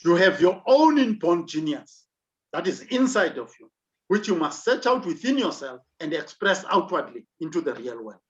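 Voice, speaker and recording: A man's voice: sits high, big pitch swings, normal speed. A South African man giving an online leadership lecture, emphatic, with rhetorical questions. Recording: dull lo-fi recording.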